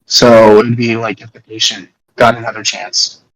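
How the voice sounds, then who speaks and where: A man's voice: medium pitch, level tone, moderate pace, crowd noise, rough recording. Young adult male podcast host, casual and rambling, joking, mid-range voice. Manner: rambling, restarts, jokey. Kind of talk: casual album breakdown.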